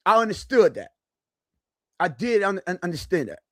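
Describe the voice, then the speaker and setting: A man hosting a sports podcast, talking casually and haltingly with frequent restarts. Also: sits high, big pitch swings, no echo, studio quality. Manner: halting, hesitant, restarts often. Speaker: podcast host.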